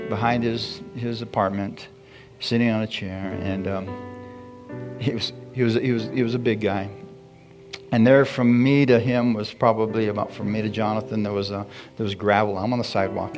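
Man, pastor, gravelly voice, folksy storytelling sermon, soft guitar behind. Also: medium pitch. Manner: folksy, repetitive, chuckles at his own stories. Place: church.

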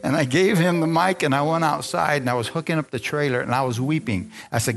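Man preaching a testimony over soft music. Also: medium pitch, fairly quick. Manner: storytelling, acts out dialogue, asks the congregation. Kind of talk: sermon testimony.

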